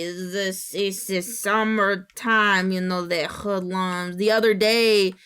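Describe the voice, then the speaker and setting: A woman's voice: medium pitch, fairly even intonation, takes it slowly, few pauses, fairly bright tone, clean tone. Rambling, chatty woman streamer. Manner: rambling and chatty, casual swearing, frequent restarts. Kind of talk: casual live-stream chat.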